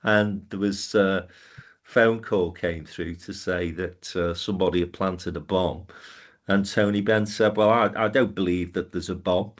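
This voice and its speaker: A man's voice: low voice, steady tone, measured pace. An older man hosting a political chat podcast, telling anecdotes and moving the panel along. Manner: anecdotal, steers to next question. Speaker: podcast host.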